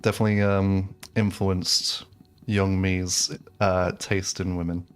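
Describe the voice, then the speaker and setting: A man's voice: sits low, flat delivery, slow, smooth. A man with an English accent chatting casually with his live-stream audience while playing, rambling with lots of fillers and restarts. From England. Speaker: game streamer.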